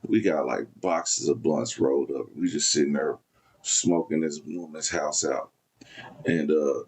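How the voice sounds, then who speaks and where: Deep-voiced man telling loose stories. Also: creaky, darkish tone, breathy edge. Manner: loose, rambling, profane storytelling. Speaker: podcast host. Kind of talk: casual storytelling.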